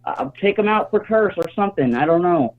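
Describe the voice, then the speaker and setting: A man's voice: sits high, expressive, fairly quick, faint music behind. A man calling in to a sports talk show, talking eagerly and repeating himself as he goes. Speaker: caller. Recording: tinny phone line.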